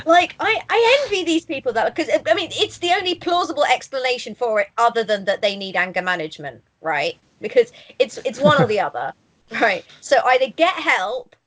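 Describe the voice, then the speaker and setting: Chatty higher-voiced woman podcast host. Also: expressive, moderate pace, fairly bright tone, poor audio. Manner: chatty, laughing, sarcastic asides. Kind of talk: casual podcast chat.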